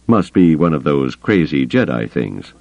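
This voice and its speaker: A man voicing an earnest young male Jedi, calm and quietly confident, in an audiobook. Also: a bass voice, measured pace, vocal fry, no room sound, highs cut off, heavily acted. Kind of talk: audiobook character voice.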